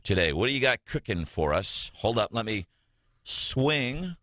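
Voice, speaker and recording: Male radio host, chatty and expressive, lively pitch, dry close sound. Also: measured pace, no echo. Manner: chatty, animated, laughs often. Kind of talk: morning radio talk. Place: radio studio.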